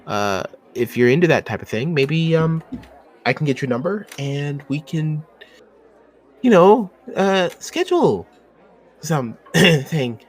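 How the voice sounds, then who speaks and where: A man's voice: on the high side, big pitch swings, takes it slowly, pitched above the performer's own voice, full character voice. A man voicing an awkward, nervous young man who stammers and hesitates. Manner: stammering, hesitant, many fillers.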